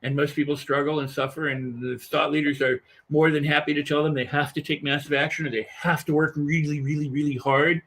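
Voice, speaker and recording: A man speaking as an interview guest, animated and emphatic, often repeating phrases for effect. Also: a little high, brisk, hardly any pauses. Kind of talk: conversational podcast interview.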